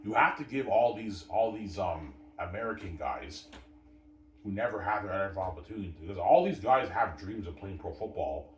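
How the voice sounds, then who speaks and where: A man with a very deep voice pushes his sports opinions, circling back to the same points and tripping over restarts. He sounds set back from the microphone in a reverberant room with faint ambient noise behind him. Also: lively intonation, moderate pace. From Canada. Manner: insistent and repetitive, stumbling restarts, keeps saying "obviously" and "man". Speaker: vlogger. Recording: roomy, distant mic, faint background ambience.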